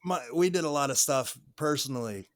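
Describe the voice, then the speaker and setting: A man's voice: on the high side, lively intonation, fairly quick, no echo. A man co-hosting a casual podcast, dropping wry, dry one-liners. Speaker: podcast co-host.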